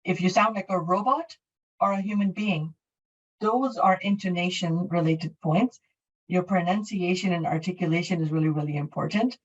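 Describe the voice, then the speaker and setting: A woman's voice: on the low side, normal speed, far from the mic, highs cut off. A middle-aged woman from Canada teaching an English class online, explaining in a friendly way with many fillers and restarts. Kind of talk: online class, answering questions.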